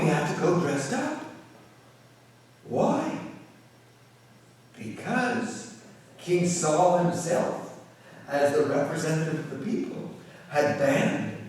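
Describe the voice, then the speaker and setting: A man who is a rabbi, telling a folk story in an animated lecture, often repeating words as he goes, in a synagogue sanctuary. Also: on the high side, a little hiss or hum. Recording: echoey hall, distant mic.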